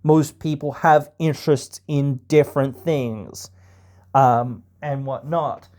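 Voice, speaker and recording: This Australian podcast host speaks slowly in a steady mid-range voice with a darkish tone. His casual talk rambles, is thick with fillers, and includes mock voices for stereotypes.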